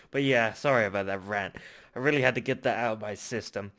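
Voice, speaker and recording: A man's voice: medium pitch, brisk. A man hosting a reaction video, ranting heatedly with a lot of repetition. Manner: heated, repetitive ranting, then apologetic and calm. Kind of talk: casual reaction rant.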